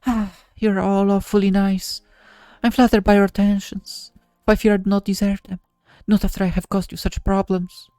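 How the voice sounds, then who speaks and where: A man's voice: high voice, little pitch movement, moderate pace, warm tone, clean tone, no room sound, pitched above the performer's own voice. A stiffly formal woman professor from a visual novel, put on by a man. Her raised voice is lifted well above the reader's own, and her speech is prim and ornate. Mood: gracious. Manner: stiff, elaborate formal phrasing. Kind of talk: reading a visual novel aloud.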